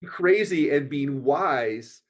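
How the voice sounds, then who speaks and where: A man's voice: fairly high pitch, lively intonation, slow pace. An American man speaking as a podcast guest in an earnest, flowing way. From United States. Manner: earnest, flowing, many "you know" fillers. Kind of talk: casual conversational podcast.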